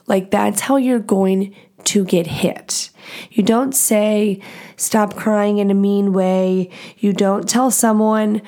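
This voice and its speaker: A woman hosting her own podcast, giving blunt, profane relationship advice in a fast, animated, casual way. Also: medium pitch. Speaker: podcast host. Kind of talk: casual solo podcast talk.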